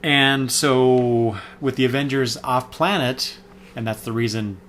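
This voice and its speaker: A man's voice: medium pitch, steady tone, unhurried, a bit bright, slight background noise. A man giving a casual, rambling spoken review of comics, full of fillers and self-corrections.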